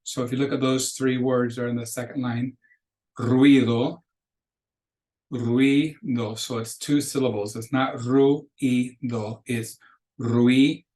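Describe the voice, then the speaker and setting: A man teaching a beginner language lesson, speaking in an even, mid-pitched voice. He explains things patiently and slows right down whenever he models a word for students. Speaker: Spanish teacher. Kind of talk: recorded lecture.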